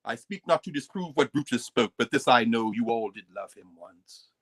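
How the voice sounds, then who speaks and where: A man's voice: medium pitch, expressive, moderate pace, voice pushed down, natural voice. A man reciting as a solemn Roman orator.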